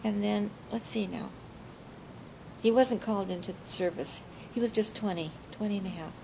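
A woman's voice: mid-range voice, moderate pace, gravelly, background noise. An older woman telling family stories in an oral history interview, chatty and laughing often.

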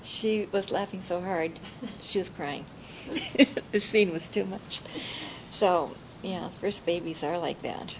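Older woman with a gravelly, low voice. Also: slow, slight background noise, poor audio. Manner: chatty, often laughing while recalling. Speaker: interviewee. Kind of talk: oral history storytelling.

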